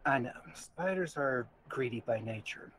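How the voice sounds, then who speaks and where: A man voicing a gentle, earnest old male spider in a tabletop game, with a soft-spoken manner. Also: mid-range voice, lively intonation, unhurried, husky, poor audio.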